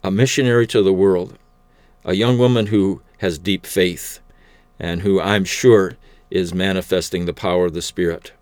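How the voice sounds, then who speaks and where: A man telling a personal faith testimony in an unhurried, conversational way, with the odd "uh". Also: low voice, no room sound. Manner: unhurried, conversational storytelling with fillers.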